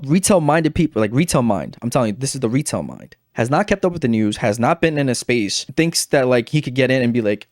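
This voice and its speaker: A young man in a casual storytelling monologue, animated and exasperated as he talks. His voice sits at an ordinary middle pitch. The sound is dry and close, with little room. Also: brisk, hardly any pauses, no room sound. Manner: animated and exasperated, heavy on filler phrases. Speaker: investing video creator.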